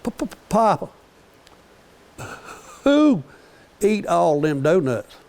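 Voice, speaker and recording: Old man doing a stuttering little boy, high voice, gravelly edge, catches on first sounds. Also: big pitch swings, very slow, a little mellow, heavily acted.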